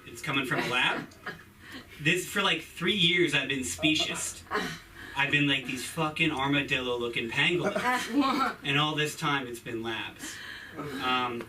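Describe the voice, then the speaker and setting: Man, mid pitch, wry crude stand-up, distant mic, noisy club. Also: animated, a little slow, pushed and bright. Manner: wry, crude, self-mocking. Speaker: stand-up comic. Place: comedy club stage.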